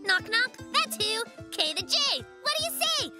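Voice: very high-pitched, very animated, normal speed. An actor voicing a playful young male bear in a cartoon, telling a story in bouncy rhymes. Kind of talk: cartoon voice acting. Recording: cartoon soundtrack with music.

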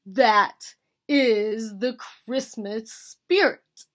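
Bear, a woman booming as a pompous bear. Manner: slow booming declaiming. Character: big pompous male bear, stern and grand.

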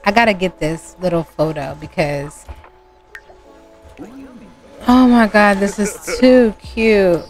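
A young woman hosts casual gameplay commentary, full of emotional, gushing exclamations. She talks at an unhurried, drawn-out pace with faint music behind her. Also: fairly low pitch, a little mellow. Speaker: gameplay host.

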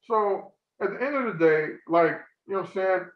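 A man co-hosting a podcast, ranting profanely and getting louder as he works himself up. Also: expressive, moderate pace. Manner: ranting, profane, swings loud and high when worked up. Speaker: podcast co-host. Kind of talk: heated casual chat. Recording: echoey room, dull lo-fi sound.

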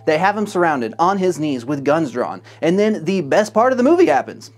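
A man's voice: a little high, big pitch swings, moderate pace. Male recap narrator, comedic and sarcastic, profane running commentary.

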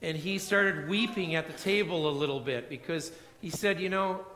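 A man preaching a sermon as pastor, telling a personal story and acting out the dialogue in a quieter voice. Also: fairly high pitch, normal speed, a little hiss or hum. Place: church sanctuary. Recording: echoey church hall reverb.

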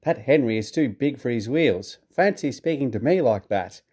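A man's voice: mid-range voice, expressive, moderate pace, a little mellow, breathy edge. A man voicing a pompous, proud male steam engine who talks in a huffy, indignant way in a storybook reading.

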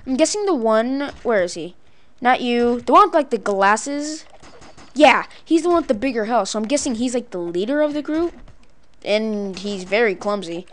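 A woman giving playful, excitable let's-play commentary, letting out cartoonish battle cries and laughs as she fights. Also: medium pitch, moderate pace. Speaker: gaming video creator.

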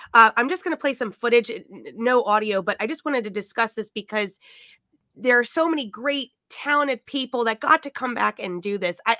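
A woman's voice: mid-range voice, bright, forceful tone, no room sound, clean studio sound. A woman hosting a talk show interview, asking questions in an enthusiastic, effusive way with frequent stumbling restarts. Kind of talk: casual interview.

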